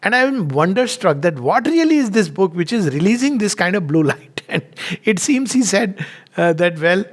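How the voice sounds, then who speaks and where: A man giving a reflective spiritual talk, telling anecdotes in an unhurried way and chuckling often. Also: sits high, big pitch swings.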